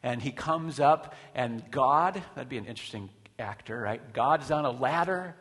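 A man's voice: medium pitch, normal speed, fairly bright tone. A man preaching a sermon in a conversational way, with rhetorical questions and frequent restarts. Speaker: pastor. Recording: long hall reverb.

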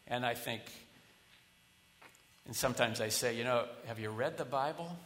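A man preaching a sermon as pastor, talking casually, with quiet asides and loud rallying builds. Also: mid-range voice, normal speed, pauses often, a little hiss or hum. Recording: long hall reverb.

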